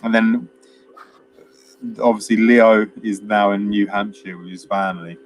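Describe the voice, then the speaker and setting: A man's voice: on the low side, fairly even intonation, measured pace, slight background noise, rough recording. A man co-hosting a film chat, casually retelling a plot in a rambling way with lots of fillers and chuckles. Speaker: film podcast co-host.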